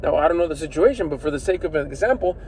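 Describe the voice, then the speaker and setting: A middle-aged man giving casual motivational talk to camera, animated and slangy, swearing freely and asking rhetorical questions, recorded on a phone inside a vehicle. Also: on the high side, rapid-fire, slight background noise, low-quality recording. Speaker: personal development vlogger.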